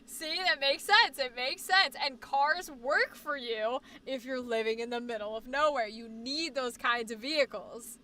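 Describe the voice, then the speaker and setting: A young woman from New England, with a faint Boston accent, hosting a casual livestream chat about where she likes to live. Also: high-pitched. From New England (born in Boston, raised on the New Hampshire border). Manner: chatty and animated, fast bursts, trails off into fillers. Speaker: livestream host. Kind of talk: casual chat reading viewer comments.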